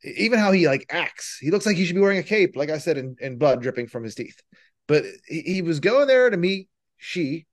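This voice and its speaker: A man co-hosting a podcast, chatting casually and firing off animated rhetorical questions. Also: on the high side, fairly quick. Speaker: podcast co-host. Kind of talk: casual political chat.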